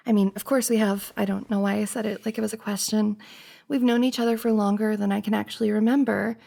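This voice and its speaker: A woman's voice: mid-range voice, level tone, normal speed, gravelly, pauses often. Woman as a pleading best friend, whispered role-play. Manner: soft, pleading, earnest, hesitant. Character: flustered best friend confessing feelings. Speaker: ASMR roleplay performer.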